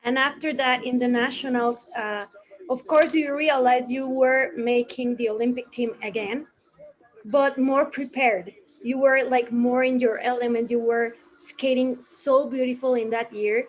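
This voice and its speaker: A woman's voice: fairly high pitch, steady tone, unhurried. A woman hosting an interview, enthusiastic and admiring, often stumbling over her words with fillers. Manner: enthusiastic, hesitant with many fillers. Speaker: interview host. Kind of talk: casual interview.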